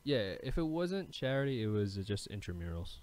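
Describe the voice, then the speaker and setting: A man from Indonesia co-hosting a podcast, chiming in softly with remarks in casual chat. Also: lowish voice, sing-song, moderate pace. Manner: soft-spoken, chiming in with remarks. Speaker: podcast co-host.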